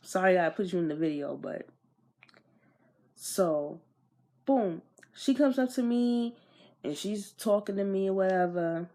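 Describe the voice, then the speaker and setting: A young woman vlogger telling a storytime casually in slang, swearing and getting animated, recorded on an iPod camera. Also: unhurried, pauses often. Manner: animated, slangy, swears, pitch jumps when riled.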